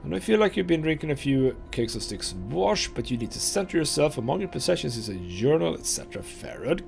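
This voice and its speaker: A man's voice: on the high side, big pitch swings, brisk, creaky, hardly any pauses, darkish tone, soft background music. A man hosting a let's play, chatting casually and reading game text aloud into a desk microphone.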